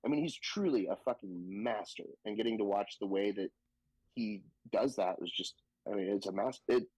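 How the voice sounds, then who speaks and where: A man from the Southern United States, a stand-up comedian telling stories in a casual podcast chat, animated and profane, slipping into quoted voices. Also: on the low side, moderate pace, breathy edge, no room sound, rough recording.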